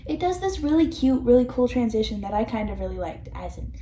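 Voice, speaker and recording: A woman's voice: a little high, sing-song, a little fast, dark tone. Rambling young woman ranting in echoey room. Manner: rambling, swearing, mocking, laughs often. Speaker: vlogger. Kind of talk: casual commentary. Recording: echoey room with faint noise.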